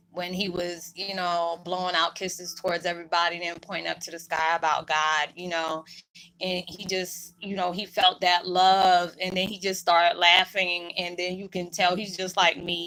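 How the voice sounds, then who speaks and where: A woman's voice: on the low side, bright, forceful tone, low-quality recording. A woman vlogger talking to her viewers in a rambling, heartfelt way, emotional and holding back tears. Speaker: spiritual vlogger. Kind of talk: heartfelt casual monologue to viewers.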